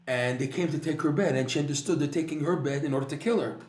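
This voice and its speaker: A man's voice: fairly high pitch, fast talker, a little mellow, roomy sound, slight background noise. A man teaching a Torah class, telling a story animatedly with frequent restarts and repeated words.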